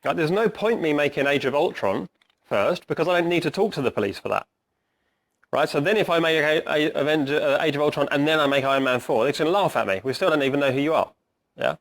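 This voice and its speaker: A middle-aged man giving a conversational talk to a live audience, quizzing them and tagging "right?" onto his points, his voice going hoarse. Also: on the high side, animated, fast. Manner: conversational, asks the audience questions, says "right?" often. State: hoarse, clearing his throat. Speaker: agile coach giving a talk. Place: meeting room with an audience.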